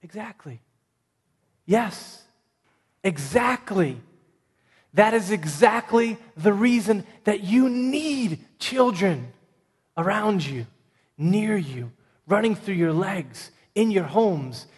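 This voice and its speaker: A preacher voicing a stern, fervent Jesus. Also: male voice, high voice, lively intonation, slow, long pauses, breathy edge, voice pushed up, heavily acted. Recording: long reverb of a large church hall.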